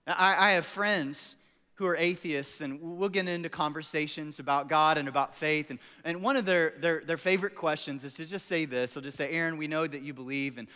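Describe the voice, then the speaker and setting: A man's voice: on the high side, moderate pace. A man preaching as a pastor, telling stories animatedly and acting out quotes for laughs. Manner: animated, jokey storytelling with acted-out quotes. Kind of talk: sermon. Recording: echoey hall.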